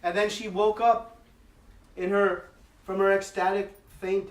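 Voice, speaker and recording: A man's voice: sits high, level tone, a little slow, pauses often, a little hiss or hum. A man giving a devotional class, telling a sacred story expressively, with frequent fillers. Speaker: speaker giving a religious class. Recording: echoey hall, mic at a distance.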